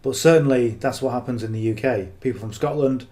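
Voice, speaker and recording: A man talks through marketing advice off the cuff, blunt and earnest. His voice is mellow and rather dark, at an ordinary pitch. He keeps tagging his points with "okay?". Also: brisk. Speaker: affiliate marketing coach. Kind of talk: casual unscripted coaching talk.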